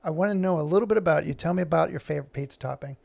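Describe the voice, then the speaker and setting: A calm, disarming man in drag, as a man acts him out, asking curious, friendly questions in a slightly raised, lively voice. The voice has a gravelly texture. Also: a little high, rapid-fire.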